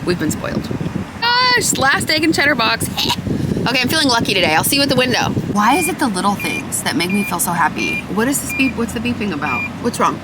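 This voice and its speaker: A woman's voice: fairly high pitch, big pitch swings, fast talker, heavy background noise. A young woman chatting in a vlog, bubbly and gushing, filling her talk with "like" and "oh my God". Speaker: vlogger. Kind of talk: casual vlog chat. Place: in a car at a drive-through.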